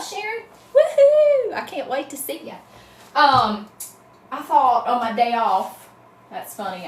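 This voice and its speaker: Southern woman, middle-aged, bright-pitched, chatty livestream host in an echoey room with faint hum. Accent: Southern American. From Southern US, North Carolina. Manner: chatty, greets viewers by name, says y'all. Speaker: wreath-making livestream host. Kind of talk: casual livestream chat.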